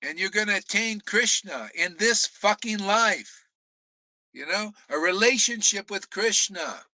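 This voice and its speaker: High, sharp-voiced man preaching fiercely. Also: animated, a little slow, no echo, rough recording. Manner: profane, scolding, laughs and shouts often. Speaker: spiritual teacher leading a class. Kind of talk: fiery profane sermon. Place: outdoors in a desert.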